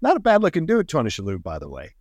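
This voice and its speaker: A chatty man co-hosts a film podcast, his pitch swinging widely as he talks. The sound is dry and close-miked, with no echo around him. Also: wildly swooping pitch, fast, a little mellow. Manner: asks questions, chatty. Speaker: podcast co-host. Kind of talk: casual film discussion.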